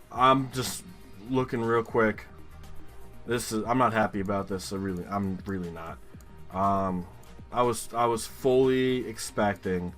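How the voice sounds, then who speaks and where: A man's voice: lowish voice, a bit bright. A young man from New York commentating his own gameplay, exasperated and ranting with lots of swearing. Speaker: gaming YouTuber.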